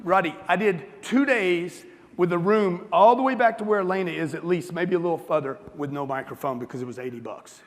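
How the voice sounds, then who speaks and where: An American motivational speaker gives a blunt, profane talk to a live audience in a large hall, rousing the crowd with questions. His voice is high-pitched and brisk, and the recording has the long reverb of a big hall.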